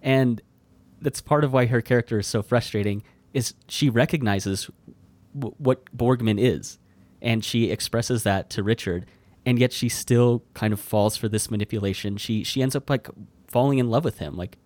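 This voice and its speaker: A man's voice: mid-range voice, darkish tone, dry recording. An American man co-hosting a podcast, chatting easily about a film and agreeing readily. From United States. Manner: agreeable, quick to laugh along. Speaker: podcast co-host. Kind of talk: casual film discussion.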